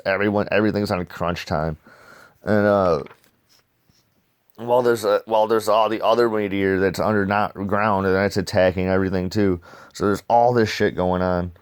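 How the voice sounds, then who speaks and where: A man's voice: low voice, clean tone, no echo, studio quality. A man casually reviewing comics in rambling, slangy talk, throwing in "dude" and swearing freely.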